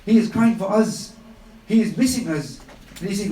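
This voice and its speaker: A man's voice: high-pitched, normal speed, dark tone, roomy sound, recorded from a distance, low-quality recording. A man giving a live religious talk on the radio, telling stories with passion and emphatic repetition. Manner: impassioned storytelling with emphatic repetition. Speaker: Islamic speaker on a radio show.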